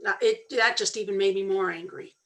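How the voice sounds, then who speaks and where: A woman candidly telling her own story on a talk show, earnest and animated when she quotes others. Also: mid-range voice, brisk, low-quality recording. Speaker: podcast co-host sharing her story.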